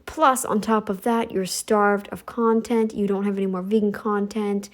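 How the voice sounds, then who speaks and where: Steady in tone and at normal speed, this middle-aged commentary host aims a sassy, scolding rant at her critics. She imitates them in high-pitched voices to mock them.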